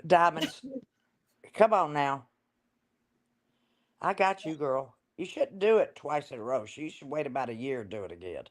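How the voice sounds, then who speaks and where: A woman's voice: sits low, lively intonation, moderate pace, pauses often. A woman on a group livestream, sassy and wisecracking. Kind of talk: casual group livestream chat.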